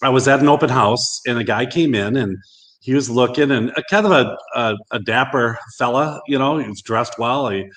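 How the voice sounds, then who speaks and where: A man co-hosting a casual chat, relaxed and agreeable. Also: medium pitch, moderate pace, big-room sound.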